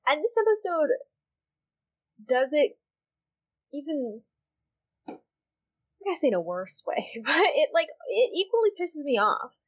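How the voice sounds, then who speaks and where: A woman's voice: sits high, very animated, slow pace, long pauses. Heated, emphatic woman podcast co-host. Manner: heated, emphatic, swears freely. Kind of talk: casual chat.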